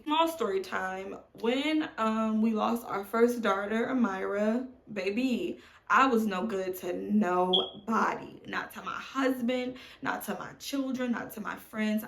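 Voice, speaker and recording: Creaky-voiced mom vlogger in an echoey room. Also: female voice, medium pitch. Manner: candid, emotional, addresses viewers as y'all. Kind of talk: candid confessional chat to camera. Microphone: phone on tripod.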